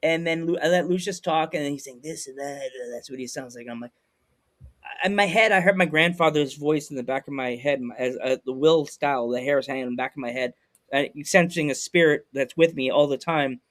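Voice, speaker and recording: A man hosting a podcast over a video call, telling stories in a lively way and acting out what people said. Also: a little high, fairly quick. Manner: animated storyteller acting out quotes. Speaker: podcast host. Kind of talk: casual storytelling chat.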